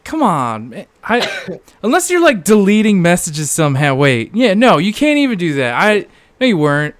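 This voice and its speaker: A man co-hosting a podcast, tossing in joking banter and quick quips. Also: high-pitched, big pitch swings. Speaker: podcast co-host. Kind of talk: casual chat.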